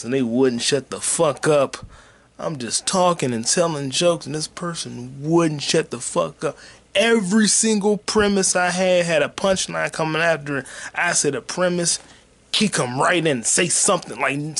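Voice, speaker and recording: A man hosting a podcast, ranting casually and profanely about a heckler, repeating himself and swinging between low mutters and shouts. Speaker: podcast host and stand-up comic. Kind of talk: casual rant.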